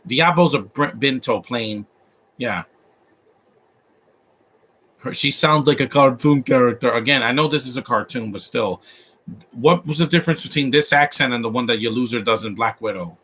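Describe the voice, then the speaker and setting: A man's voice: mid-range voice, brisk, pushed and bright, breathy edge. A man giving a casual, opinionated live commentary over a movie, rambling with frequent restarts. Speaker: host.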